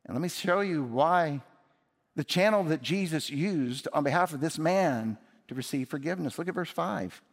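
A male pastor preaching in a church, his voice pitched a little above most men's. He talks emphatically, pushing lines up and then dropping them low. A long reverb trails behind him from the large sanctuary. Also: expressive, normal speed. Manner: emphatic, rising and dropping for effect. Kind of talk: sermon.

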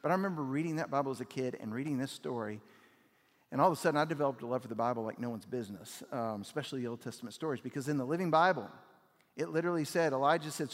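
Male pastor, mid-range voice, conversational sermon with big dynamic swings, reverberant auditorium. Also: quick pace. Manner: builds to loud emphatic peaks, then drops low and quiet; conversational, with "like" fillers and audience questions. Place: church auditorium. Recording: long hall reverb.

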